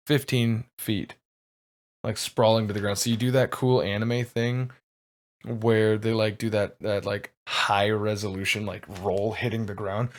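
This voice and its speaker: A man running a tabletop game as game master, narrating casually with lots of fillers and rambling asides. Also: lowish voice.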